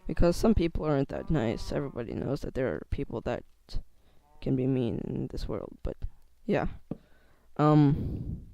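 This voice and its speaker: Teen guy rambling in a vlog, lots of ums, gravelly and kinda mellow, voice cracks. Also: mid-range voice, moderate pace, dry recording, lo-fi sound. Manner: hesitant, many fillers and restarts. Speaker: YouTuber. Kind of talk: casual vlog monologue.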